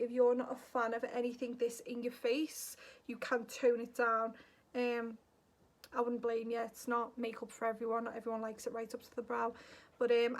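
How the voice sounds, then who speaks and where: A woman's voice: a little high, creaky. A woman chatting casually through a makeup tutorial. She is jokey and talks to herself while she works. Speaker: beauty vlogger.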